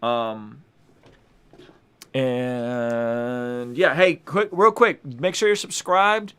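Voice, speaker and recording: A man's voice: mid-range voice, drawn-out words, a bit bright, clear, resonant tone. A man hosting a casual music review stream, talking in a hyped, slangy way to his chat. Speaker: music reviewer and show host. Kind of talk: casual livestream commentary. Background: hip hop beats playing.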